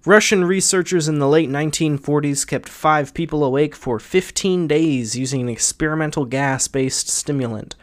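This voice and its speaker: A man's voice: on the high side, normal speed, hardly any pauses. A young man hosting a podcast, bantering with casual profanity and reading a creepypasta aloud. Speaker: podcast host.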